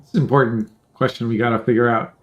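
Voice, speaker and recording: A man casually commentating a card game tournament over a headset, joking and rambling, often clearing his throat. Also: mid-range voice, fairly even intonation, fast. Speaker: tournament caster.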